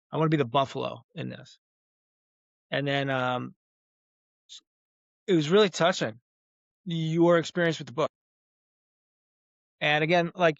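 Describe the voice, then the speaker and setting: Earnest male guest, slightly high voice. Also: sharp tone, dry recording, lo-fi sound. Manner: earnest, uses metaphors, many "uh" pauses. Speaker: podcast guest, veteran speaker. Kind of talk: reflective interview talk.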